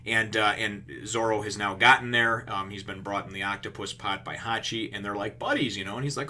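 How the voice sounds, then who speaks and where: Guy reviewing a comic chapter, bright sharp voice, keeps laughing and swearing, acts out the scenes. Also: fairly low pitch, fairly quick, few pauses. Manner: laughing often, profane, acting out the scenes. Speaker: manga reviewer.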